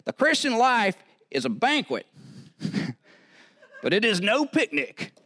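A man imitating an old-time Southern preacher, drawn out and folksy, the voice pitched well up. It sounds slightly set back from the mic, with a twangy, homespun delivery. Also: wildly swooping pitch, slow, fairly bright tone, exaggerated voice.

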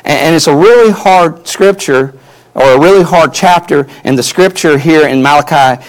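A male pastor preaches earnestly at normal speed in a slightly high voice. His emphasis rises and falls, and he often repeats words while building a point.

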